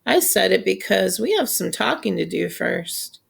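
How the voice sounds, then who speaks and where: A woman reading aloud, voicing a friendly grown man who gently coaxes a hungry child out of hiding, slow and patient. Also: medium pitch, big pitch swings, gravelly, breathy edge, exaggerated voice. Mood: coaxing. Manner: gentle, coaxing, unhurried.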